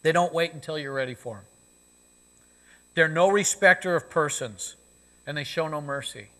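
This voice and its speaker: A man's voice: fairly high pitch, normal speed, fairly bright tone. A male pastor preaching a sermon in a conversational way, often saying "you know," in a church sanctuary. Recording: long reverb of a church sanctuary.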